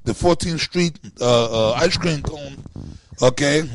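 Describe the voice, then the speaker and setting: A man in a casual scripture discussion, animated and joking as he reads verses. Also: a little high, takes it slowly, poor audio. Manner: animated, joking, mocking imitations.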